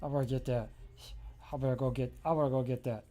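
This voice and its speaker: A man voicing small, squishy, toddler-like pillow creatures with squeaky, excitable voices. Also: fast, faint music behind, lightly acted. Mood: covetous.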